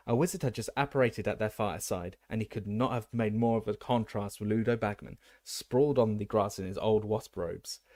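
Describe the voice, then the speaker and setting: A man reading an audiobook aloud, steady with small slips and restarts. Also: fairly low pitch, dry recording. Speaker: audiobook reader. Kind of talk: audiobook narration.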